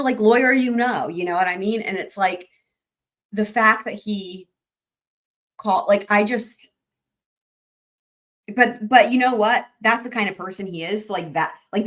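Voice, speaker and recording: A woman hosting a live-stream recap, chatting excitedly and rambling with lots of restarts. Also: mid-range voice. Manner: addresses viewers directly as y'all. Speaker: YouTube trial-recap host. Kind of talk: live-stream chat with viewers.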